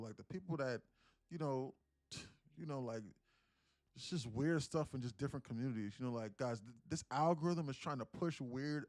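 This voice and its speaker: A man's voice: mid-range voice, a little mellow, no echo. Sarcastic rambling young man, dry sound. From South Carolina, USA. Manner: sarcastic, rambling, many restarts. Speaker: day trader and live streamer. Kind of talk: casual live-stream chat.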